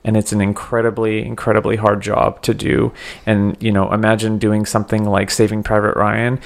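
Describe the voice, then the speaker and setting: Male podcast co-host, low voice, laid-back explainer who swears casually. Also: level tone, moderate pace, vocal fry. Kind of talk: casual chat about a film.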